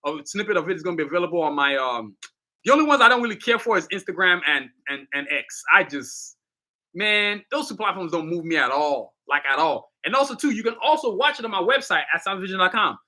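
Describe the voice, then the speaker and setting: A man's voice: sits high, animated, fast talker, pushed and bright. A man hosting his own livestream, talking casually in a hyped, motivational, slangy way straight to his viewers. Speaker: livestream host, artist.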